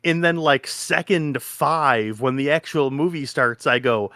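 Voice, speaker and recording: Excitable, swearing man on a podcast. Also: on the high side, normal speed, few pauses, dry recording, studio quality. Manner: excited, swears a lot, acts out his own reactions. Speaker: podcast co-host. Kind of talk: casual chat.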